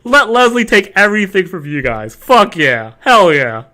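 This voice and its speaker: Animated joking male game streamer. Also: high voice, moderate pace. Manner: joking, laughing, bantering with chat. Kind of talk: live game commentary.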